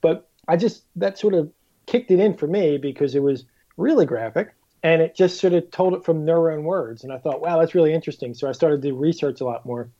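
A man guest on a casual podcast, telling stories in an animated way and acting out the people he quotes. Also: fairly high pitch, a little fast, highs cut off. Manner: animated storyteller, acts out quoted voices. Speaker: guest author.

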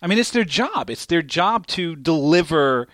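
A man's voice: fairly high pitch, lively intonation, moderate pace, a bit bright, no room sound. A man hosting a casual podcast, joking loosely and laughing easily. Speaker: podcast host. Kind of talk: casual chat.

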